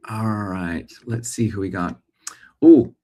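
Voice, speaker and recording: A man's voice: on the low side, slow pace, mellow. A man in his forties from Australia, speaking American with Australian traces, chatting live as host and reading viewer comments with many fillers.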